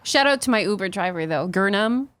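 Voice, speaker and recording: A woman's voice: medium pitch, animated, a little fast, fairly bright tone, no room sound. A woman guest on a podcast, chatting casually and adding short details to a shared story. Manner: chimes in with short additions to the story. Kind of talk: casual chat.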